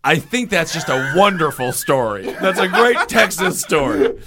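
A man's voice: a little high, expressive, moderate pace, crowd noise. A man bantering and teasing in a casual comedy chat.

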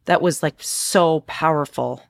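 A woman co-hosting a talk podcast, with a lowish voice and a chatty, animated way of speaking. The sound is dry and close. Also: a little slow, creaky, dry recording. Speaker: podcast co-host and reporter. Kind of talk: casual chat.

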